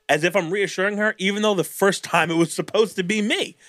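Young male podcast co-host, slightly high voice, dry sound, profane and animated storyteller. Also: brisk, hardly any pauses, no echo. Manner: animated storytelling, swears a lot, acts out customers. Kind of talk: casual chat.

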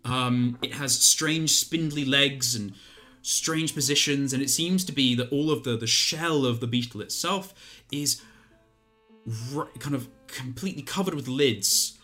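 A man narrating as game master, pausing often with fillers. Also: medium pitch, sharp tone. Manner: hesitant, filler-heavy. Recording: faint music behind.

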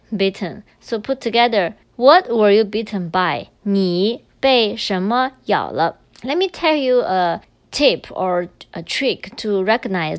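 A woman's voice: medium pitch, no room sound. A woman teacher explaining grammar patiently in a recorded language lesson, moving between English and Chinese.

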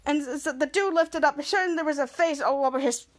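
A woman with a high voice talks fast as she hosts a podcast, retelling an episode of a show. Her style is casual and rambling, and she often corrects herself mid-sentence.

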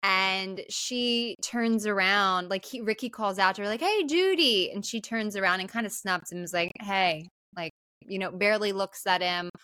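A woman's voice: mid-range voice, steady tone, normal speed, pushed and bright, smooth, dry recording. Chatty woman podcast co-host. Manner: chatty, many fillers, swearing. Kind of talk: casual movie recap chat.

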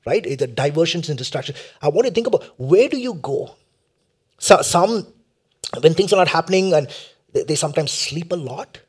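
A husky, middle-aged man from India delivers a sermon. His voice sits a little high and carries a breathy roughness. He leans into loud, emphatic lines, then falls to near-whispers, circling back to the same questions for his listeners. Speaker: pastor.

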